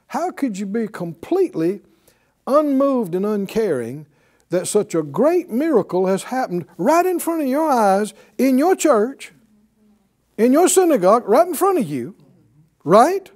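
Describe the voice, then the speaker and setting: Slow, lively-voiced Bible teacher. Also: medium pitch. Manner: conversational, asks the audience rhetorical questions.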